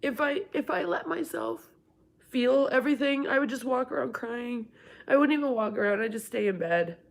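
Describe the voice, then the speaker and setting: Fairly high-pitched and expressive, this middle-aged woman talks at a normal speed while hosting a relaxed livestream from home. She rambles through casual chat, reading out comments and replying to viewers by name.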